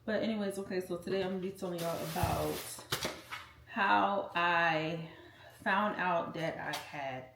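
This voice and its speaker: A gravelly, lowish female voice at a measured pace belongs to a twenty-something vlogger cooking in her home kitchen. She tells stories casually, bluntly, and with profanity, speaking straight to viewers. Echo and loud background noise mark the recording.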